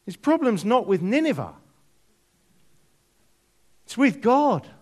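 A man preaching a sermon, reading scripture aloud and explaining it with deliberate, dramatic emphasis. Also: very high-pitched, sing-song, darkish tone. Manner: slow, deliberate, dramatic drops to near whisper on key words.

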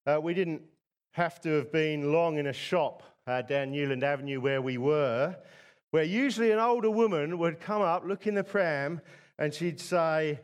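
A man's voice: on the high side, normal speed, clear, resonant tone. A middle-aged man from England preaching a sermon in a conversational way, often asking the congregation rhetorical tag questions.

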